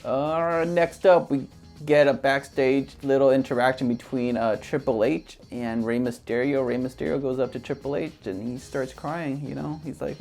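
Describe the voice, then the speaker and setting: A man's voice: mid-range voice, steady tone, normal speed, darkish tone, faint music behind. A man co-hosting a casual recap chat, rambling and hesitant with lots of fillers. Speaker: podcast co-host.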